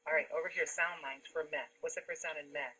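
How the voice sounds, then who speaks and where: A woman teacher with a bright, somewhat low voice works with young students. She stretches words out slowly, syllable by syllable, and keeps them on task. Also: steady tone, breathy edge, low-quality recording. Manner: slow, drawn-out sounding of syllables. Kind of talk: classroom reading instruction.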